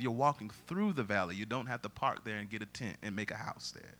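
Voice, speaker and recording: A man who is a pastor, preaching a sermon and breaking into loud song. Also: mid-range voice, a little fast, few pauses. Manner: preaching with bursts of loud singing.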